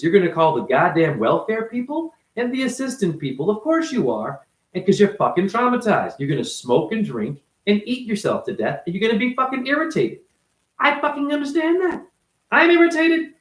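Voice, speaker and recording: A man's voice: high-pitched, very animated, a little fast, reverberant, rough recording. A man, a former ballet dancer, delivering an unscripted, blunt and profane monologue in his apartment.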